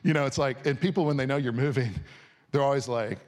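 Pastor, man in his forties, chatty sermon delivery, animated, goes from hushed to loud. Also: mid-range voice. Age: 40s. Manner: casual, animated, swings from soft and slow to loud. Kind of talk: conversational sermon. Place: church or auditorium before a congregation.

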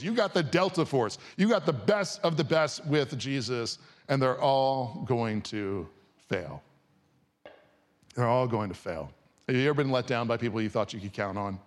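A man in his forties preaching a sermon to a congregation in a casual, conversational way, dropping from soft, slow words to loud bursts. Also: medium pitch. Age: 40s. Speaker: pastor. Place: church or auditorium before a congregation.

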